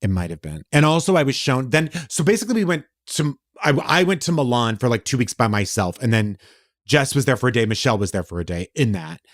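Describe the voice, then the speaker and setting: A man co-hosting a podcast, telling a story in casual chat; he is animated, gets defensive fast and swears freely. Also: medium pitch, dry recording, studio quality. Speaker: podcast co-host.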